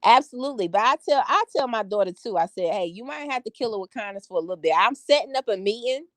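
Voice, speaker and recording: A woman holds a casual live stream from home. She speaks in a high voice with a sassy, animated edge, addressing her viewers directly. The sound is dry and close, with no room echo. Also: quick pace. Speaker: vlogger talking to live chat.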